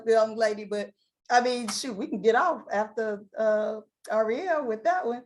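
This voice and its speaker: Energetic woman presenter on a computer mic, higher voice, chatty, laughing asides. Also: normal speed. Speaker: host of an online presentation. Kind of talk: enthusiastic presentation on a video call. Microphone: computer mic, sharing screen.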